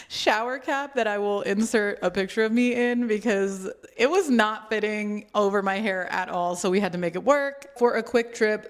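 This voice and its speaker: A woman vlogger casually walking through her travel bag in a playful, chatty way with joking asides. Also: mid-range voice. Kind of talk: casual chatty product walkthrough.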